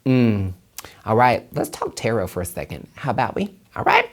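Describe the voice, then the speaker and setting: Fairly low and darkish in tone, the man's voice is expressive and moves at a moderate pace. He runs a one-man podcast about tarot and numerology as a tarot reader, speaking emphatically with heavy cursing, saying things more than once and calling his listener honey.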